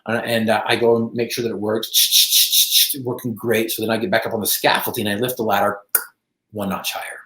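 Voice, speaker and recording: Middle-aged american guy telling a story, kinda low voice, lots of ums, echoey room. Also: a little fast. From United States. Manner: animated storyteller, acts out his own quotes, many fillers. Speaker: podcast guest. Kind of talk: storytelling in an interview.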